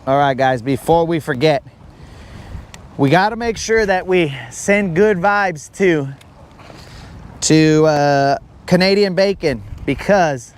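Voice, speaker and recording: Joking male fishing streamer, high voice. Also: expressive, clear, resonant tone. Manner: joking, talks to viewers by name, drawn-out asides. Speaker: fishing livestream host. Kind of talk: casual live-stream chat. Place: on a boat on a lake outdoors.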